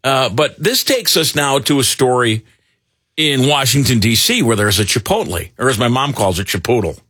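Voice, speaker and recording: A middle-aged man hosting talk radio, rambling and animated with lots of fillers. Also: medium pitch, normal speed, husky, no room sound, clean studio sound. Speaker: radio talk show host. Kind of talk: casual talk radio banter.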